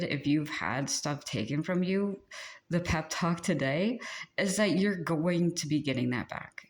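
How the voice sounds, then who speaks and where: A host giving a casual channeled spiritual pep talk, chatty and rambling, laughing often and venting frustration. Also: mid-range voice. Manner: chatty and rambling, with many fillers and frequent laughs; exasperated and venting.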